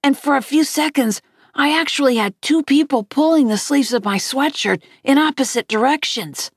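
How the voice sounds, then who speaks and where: A woman reading a novel aloud, lifting her pitch slightly for the characters' lines. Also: moderate pace, no room sound, clean studio sound. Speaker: audiobook reader.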